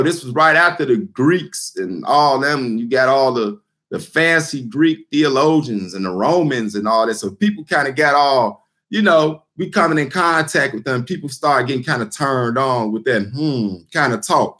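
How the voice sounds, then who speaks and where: A man's voice: fairly high pitch, fairly bright tone. A man giving an informal scripture teaching, talking loosely and bluntly with lots of fillers and repeated words. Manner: blunt and emphatic. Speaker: street preacher.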